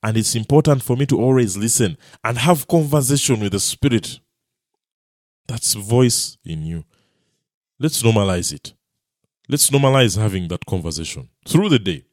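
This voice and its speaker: A male preacher delivers a Bible teaching sermon in a mid-range voice. He is emphatic and often sinks low and soft to press home a point. The sound is dry and close, with no room around it. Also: lively intonation, moderate pace, dry recording. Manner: emphatic, drops low and soft on key phrases.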